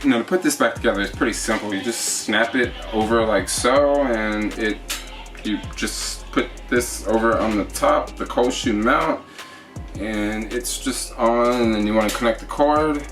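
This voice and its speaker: A travel vlogger with a lowish, somewhat bright voice speaks a little slowly, casually showing off his camera setup, a GoPro with an attached shotgun mic. Chatty and rambling with lots of fillers, he sounds recorded from a distance, with faint music behind him.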